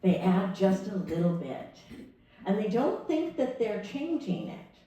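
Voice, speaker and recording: In a church sanctuary, a woman minister delivers a sermon, sharing a personal story conversationally and acting out the dialogue. Her mid-range voice is sing-song, a little slow, and dark in tone. The recording is distant, in an echoey room.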